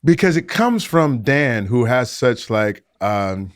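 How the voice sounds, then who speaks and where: A man's voice: medium pitch, big pitch swings, slow pace, no room sound, studio quality. A man co-hosting a podcast, chatting casually and animatedly, often laughing as he asks questions. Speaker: podcast co-host.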